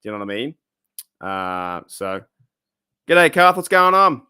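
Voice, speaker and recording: A man with an Australian accent and a hoarse, cracking voice, hosting a casual live chat and reading out viewer comments. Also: fairly low pitch, very animated, unhurried, bright, forceful tone, no echo, studio quality. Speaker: livestream host. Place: home room.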